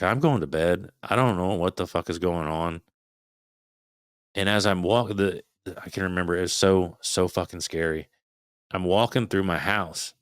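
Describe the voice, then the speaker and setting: A man in his thirties, a podcast guest, telling a frightening personal story in casual, swearing, animated talk. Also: deep voice, no echo, clean studio sound. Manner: swearing, animated retelling of a scary night.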